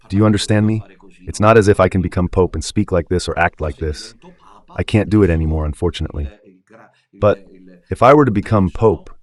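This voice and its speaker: A man with an Italian accent giving impassioned religious commentary on the radio, emphatic and rhetorical, often asking his listeners if they understand. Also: low-pitched. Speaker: radio preacher.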